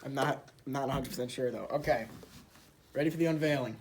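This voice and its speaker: In a very noisy recording, a young man hosts a casual vlog from the workshop in his shed, easygoing and thinking out loud with fillers. He talks fast in a medium-pitched voice.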